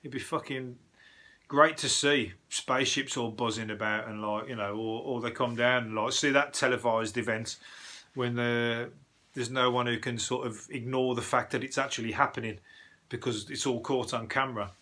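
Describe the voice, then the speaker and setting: A man's voice: medium pitch, fairly even intonation, moderate pace, sharp tone. A man, hosting a casual comic news podcast, rambling, swearing and losing his thread. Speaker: podcast host, comedian. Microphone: cheap earbuds mic.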